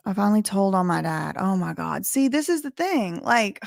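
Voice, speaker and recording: A woman's voice: mid-range voice, animated, a little slow, gravelly, no room sound, clean studio sound. Chatty Southern woman streaming live. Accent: Southern American. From American South. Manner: chatty, thinking aloud with many fillers. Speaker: livestream host. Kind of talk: casual livestream commentary.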